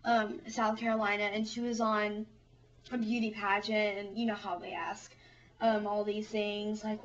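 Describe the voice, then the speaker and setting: A woman's voice: medium pitch, little pitch movement, normal speed. A young woman telling a funny story in a rambling, giggly way, full of fillers. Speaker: vlogger. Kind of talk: casual storytelling. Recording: distant, dull lo-fi home recording.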